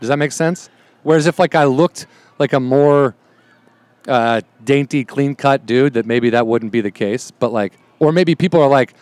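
A man's voice: medium pitch, moderate pace, no echo. A man who is a stand-up comedian, telling rambling anecdotes in a casual chat and acting out the quotes.

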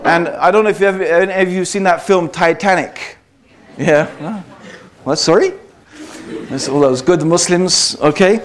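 A man's voice: high-pitched, moderate pace. A man giving a public talk to a live audience, conversational and wry, often checking in with "okay?" and "right?". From Britain. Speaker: speaker addressing an audience.

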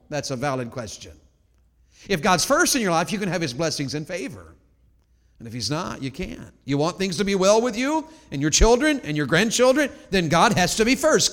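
A man preaching a sermon, moving between loud exhortation and quiet storytelling. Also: on the high side, big pitch swings, normal speed, long reverb tail. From Tennessee. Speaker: pastor.

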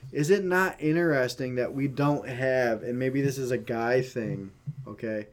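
A man's voice: mid-range voice, a little slow. Male co-host, casual rambling talker, filler-heavy, teasing. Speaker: podcast co-host. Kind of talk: casual chat.

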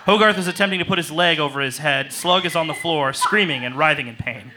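A man narrating an improvised comedy in a deadpan style with goofy sound effects. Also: a little high, quick pace, heavy background noise.

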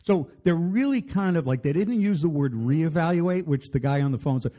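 Mellow-voiced man telling wry puns. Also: a little high. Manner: wry, deadpan punning, reads aloud haltingly. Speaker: podcast co-host. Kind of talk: casual chat.

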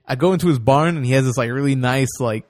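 A man's voice: medium pitch, fast talker, a little mellow. A man in casual chat, telling stories and voicing the people in them. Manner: laid-back storyteller, acts out characters' lines.

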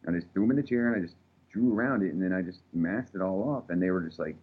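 A man's voice: low-pitched, quick pace, husky. A man, a tattoo artist telling a rambling, profane story in casual chat, recorded with thin phone-like sound.

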